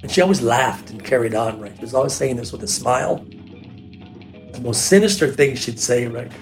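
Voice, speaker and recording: An older man tells a personal story in a casual, run-on way. He is animated and often slips into the voices of the people he quotes. His pitch sits in an ordinary middle range, with faint music in the background. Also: a little fast. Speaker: hairdresser telling a personal story.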